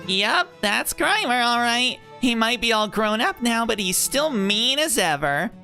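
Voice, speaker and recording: A man's voice: very high voice, sing-song, a little slow, gravelly, bright, forceful tone, soft background music, voice pushed up, full character voice. A man reading a game aloud and voicing an earnest, curious young woman companion with a questioning lilt.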